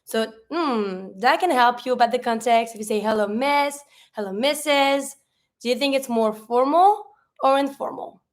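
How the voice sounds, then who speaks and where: A woman's voice: a little high, moderate pace. A woman teaching a French lesson in English, patiently asking the learner questions and saying French phrases as examples. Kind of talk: online language lesson.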